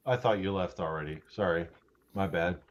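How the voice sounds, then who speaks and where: A man's voice: deep voice, normal speed, slight background noise. A man hosting a livestream in casual chat, joking, swearing and poking fun at himself. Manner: joking, swearing, self-mocking, animated. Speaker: livestream host. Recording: dull lo-fi sound.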